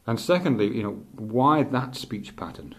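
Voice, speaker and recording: A middle-aged male teacher thinking aloud in a halting, reflective way, with many restarts. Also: medium pitch, lively intonation, a little hiss or hum. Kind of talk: unscripted spoken reflection.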